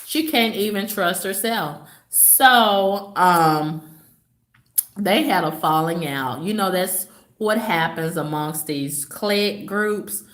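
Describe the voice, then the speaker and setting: A woman's voice: lowish voice, takes it slowly, fairly bright tone, roomy sound. A woman vlogger telling a story to her viewers in a sassy, gossipy way, her voice swooping up for emphasis. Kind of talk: casual vlog storytelling to viewers.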